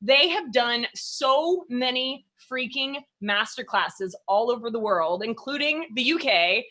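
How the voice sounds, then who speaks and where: A woman's voice: a little high, a little slow. A woman hosting a casual interview, telling stories with lots of energy and laughter, acting out her own thoughts. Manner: animated storyteller, laughs often, acts out her own thoughts. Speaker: podcast host.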